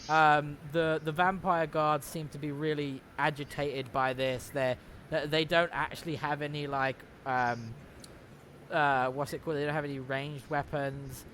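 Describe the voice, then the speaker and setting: Man, game master, casual, swears a lot, bright voice, faint background noise. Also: a little high, steady tone, unhurried. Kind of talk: narrating a tabletop game.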